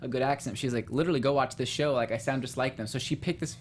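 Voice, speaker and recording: A woman's voice: very deep voice, fast talker. Chatty woman host, faint room hum. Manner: chatty, lots of "like", animated retelling. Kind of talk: casual chat about a TV show.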